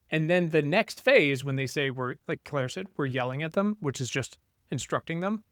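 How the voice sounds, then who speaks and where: Man, fairly high voice, blunt and profane, animated storyteller, dry close mic. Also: normal speed, no room sound. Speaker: podcast co-host, parent. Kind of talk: casual podcast chat.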